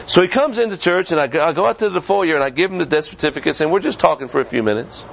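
Pastor guy preaching in church, kinda high voice, pitch jumps up and down a lot. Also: lively intonation, creaky, a little hiss or hum, rough recording. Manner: preaching with quick rises and drops in pitch. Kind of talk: sermon. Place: church sanctuary.

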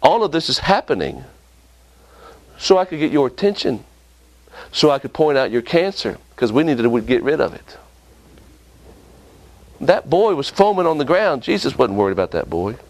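A man preaching a sermon with impassioned delivery, often jumping up and down in pitch for emphasis. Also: very animated, normal speed, pauses often, dry recording.

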